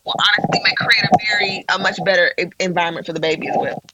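A woman's voice: on the low side, steady tone, quick pace, very noisy. A woman co-hosting a casual chat, blunt and profane in her opinions. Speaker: podcast co-host.

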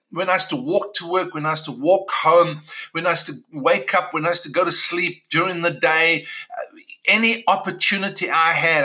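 Speaking in a conversational testimony with many restarts, this middle-aged pastor from South Africa recounts his own story. His voice is a little high with a sharp tone, and audio quality is poor.

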